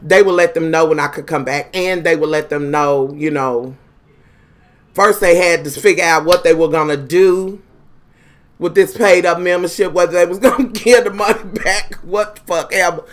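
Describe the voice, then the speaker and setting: In a lowish voice at a moderate pace, a woman recounts a personal story as a casual monologue, swearing constantly. Animated and profane, she calls her listeners honey and y'all.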